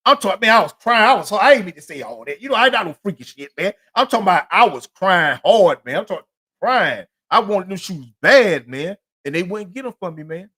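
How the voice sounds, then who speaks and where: A man's voice: high-pitched, very animated, fairly quick, sharp tone, breathy edge. A middle-aged man telling his life story on his own podcast, rambling and profane, full of filler phrases. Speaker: podcast host. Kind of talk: solo storytelling monologue.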